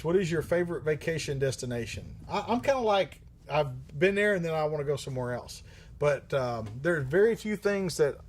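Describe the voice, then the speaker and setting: A man's voice: fairly high pitch, a little mellow. A man hosting a livestream who answers viewer questions in a rambling, joking way, swearing often and using many fillers. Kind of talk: casual live-stream chat.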